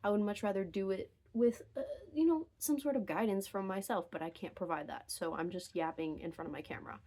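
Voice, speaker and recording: A young woman vlogger talks straight into her phone camera from her bedroom at home in an unscripted, rambling rant. Her medium-pitched, mellow voice runs a little fast, and she often interrupts herself, drifting into wry asides before getting back on track.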